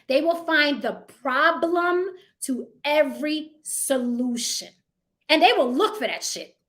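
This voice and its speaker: A woman's voice: sits high, expressive, slow, a bit bright. A woman hosting a live stream, talking bluntly and emphatically to her chat, with plenty of swearing. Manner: addresses chat and moderators directly. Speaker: livestream host.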